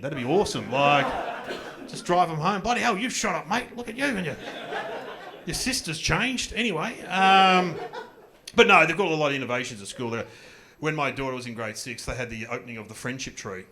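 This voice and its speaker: A man's voice: on the high side, a little fast, a crowd in the background. A middle-aged Australian man doing stand-up comedy, telling rambling, self-mocking stories on a club stage with a handheld mic. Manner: rambling, self-mocking storytelling with acted-out voices. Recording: live comedy club with audience laughter.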